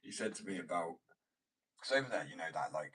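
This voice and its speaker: A man's voice: deep voice, expressive, a little fast, very noisy. An American man rambling and joking in a casual chat with his viewers, swearing freely. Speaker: streamer chatting with viewers.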